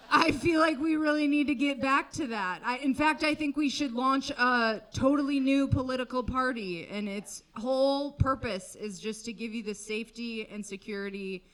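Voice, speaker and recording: Stand-up comic, woman, high bright voice, wry conversational delivery with sarcastic asides. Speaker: stand-up comedian. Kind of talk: stand-up comedy set. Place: comedy club stage.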